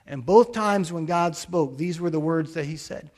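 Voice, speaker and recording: A man's voice: fairly high pitch, normal speed, few pauses, a little mellow. A middle-aged man preaching a sermon, earnest and telling a personal story as a pastor. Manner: earnest storytelling with quoted blessings.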